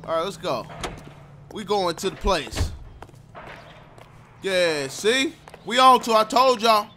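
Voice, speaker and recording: A man giving loud, joking, profane commentary while playing a video game, trash-talking its characters. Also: high-pitched, expressive, slow, a little hiss or hum. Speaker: gaming YouTuber. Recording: game audio playing underneath. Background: game music and sound.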